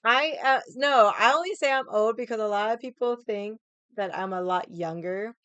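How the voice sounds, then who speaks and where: A woman's voice: a little high, moderate pace, a bit bright, clear, resonant tone, dry recording. A young adult woman streamer chatting casually with her viewers, rambling and swearing often. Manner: rambling, swears a lot, many likes.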